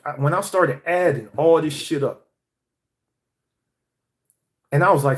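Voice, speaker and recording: A man's voice: on the high side, a little slow, long pauses. A young man from Atlanta, delivering a heated, profane motivational monologue.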